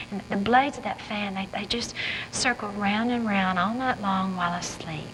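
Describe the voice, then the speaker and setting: Woman author reading aloud, bright and fairly high, echoey college hall. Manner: vivid first-person storytelling. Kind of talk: reading her fiction aloud. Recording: reverberant hall, faint background noise.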